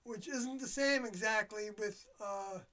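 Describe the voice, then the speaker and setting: An older livestream host, talking alone in a loose, confiding monologue, with mid-range pitch. The speech comes in halting, trailing phrases as the speaker searches for words. The voice sits a little back from the microphone. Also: pushed and bright. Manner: reflective and confiding. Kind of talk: rambling solo livestream monologue. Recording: voice a bit distant from the mic.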